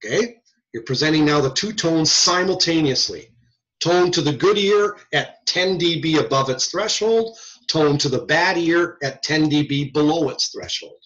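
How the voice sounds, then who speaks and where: A man's voice: fairly high pitch, normal speed, a bit bright. A man lecturing a class on hearing tests, asking his students rhetorical questions. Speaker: audiology lecturer. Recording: muffled lo-fi lecture recording.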